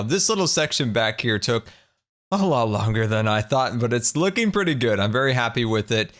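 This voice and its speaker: A man's voice: mid-range voice, a bit bright. A man casually narrating his own gameplay in a let's play, chatty and upbeat, often breaking into laughter. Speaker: game commentator.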